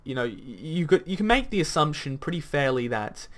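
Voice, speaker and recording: This man's gaming commentary video is a reaction rant: blunt arguments, occasional swearing and rambling packed with fillers. His voice is on the high side, very animated and brisk.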